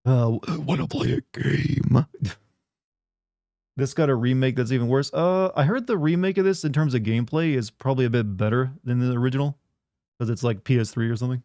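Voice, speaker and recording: Mellow-voiced sardonic male streamer. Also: medium pitch, quick pace, dry recording, studio quality. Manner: rambling, sardonic, many "like" fillers. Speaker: game streamer. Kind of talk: casual chat with stream viewers.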